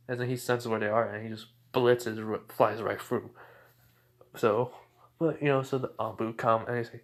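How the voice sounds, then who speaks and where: A man's voice: mid-range voice, fairly even intonation, normal speed. A young man casually retelling a fan-made story, rambling with many fillers and restarts.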